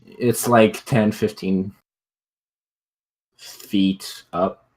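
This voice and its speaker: Deep-voiced male game master. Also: steady tone, very slow, a little mellow. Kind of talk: narrating a tabletop game.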